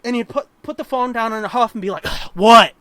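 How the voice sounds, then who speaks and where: A man's voice: very high voice, fast, fairly bright tone, clear, resonant tone, no echo. A man co-hosting a podcast in casual chat, ranting profanely and animatedly. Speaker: podcast co-host.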